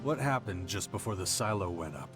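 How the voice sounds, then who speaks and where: A deep, terse game hero. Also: male voice, animated, fairly quick. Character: terse male hero investigating an explosion. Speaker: game protagonist. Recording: game audio with music behind. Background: music.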